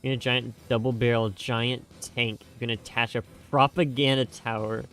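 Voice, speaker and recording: Soft background music accompanies a young streamer casually reacting to game music. His delivery is flat and moderately paced, medium in pitch with a fairly bright tone, as he rambles, pokes fun at himself, and stumbles through fillers and restarts.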